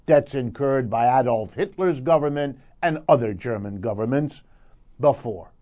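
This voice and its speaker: A man's voice: medium pitch, normal speed, warm tone, dull audio. A man giving a radio commentary segment, emphatic and lecturing, building his points through repetition. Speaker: economic commentator.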